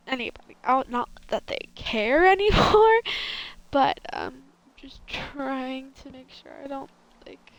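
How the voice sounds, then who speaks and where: A young woman with a high voice streams a building game over poor audio. She chats casually in a valley girl lilt, rambling, correcting herself, and filling her speech with fillers.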